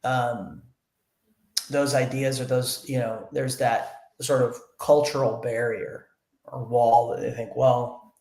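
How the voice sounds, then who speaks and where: A man's voice: mid-range voice, steady tone, slow, darkish tone. A man being interviewed, explaining earnestly in casual conversation and retelling bits of dialogue. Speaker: interview guest. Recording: echoey room.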